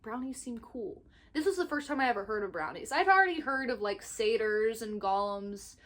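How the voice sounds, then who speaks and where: Excitable young woman gushing into her phone. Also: a little high. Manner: excitable, gushing, talks in quick bursts with restarts. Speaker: book vlogger. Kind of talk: casual rambling book review. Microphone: phone microphone.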